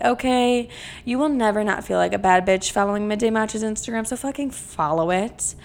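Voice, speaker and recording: A young adult woman hosting her own podcast, chatting casually in a brash, heavily profane and animated way. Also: medium pitch, creaky. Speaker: podcast host. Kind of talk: casual solo podcast chat.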